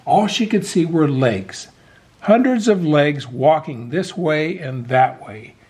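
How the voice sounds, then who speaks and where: A man reading a children's picture book aloud over a video call, with a fairly high voice and lively, swooping delivery. He takes an unhurried pace. The room echo is noticeable. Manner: expressive, animated storytelling. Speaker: storybook reader. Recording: echoey room.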